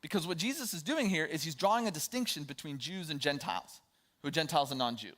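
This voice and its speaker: A man's voice: fairly high pitch, expressive, quick pace, fairly bright tone. A man in his thirties preaching a sermon in a conversational way, with storytelling asides. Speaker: pastor.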